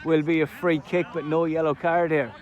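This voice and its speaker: A man giving live play-by-play commentary at an amateur football match outdoors, chatty between plays and loud at goals. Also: a little high, steady tone, normal speed, muffled recording, a faint crowd. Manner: chatty play-by-play, erupts loudly at goals and chances. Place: outdoors at a sports ground.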